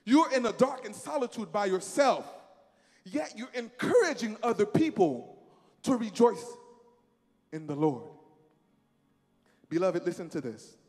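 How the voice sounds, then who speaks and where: A man's voice: high-pitched, expressive, unhurried, pauses often, darkish tone, long reverb tail. A man preaching a sermon to a church congregation, emphatic and repetitive, leading the crowd in call-and-response.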